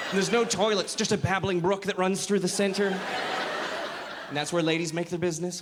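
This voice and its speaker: A man doing a stand-up comedy set on a club stage, animated, shouting punchlines and slipping into silly voices. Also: high voice, fairly quick. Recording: hall reverb, audience noise.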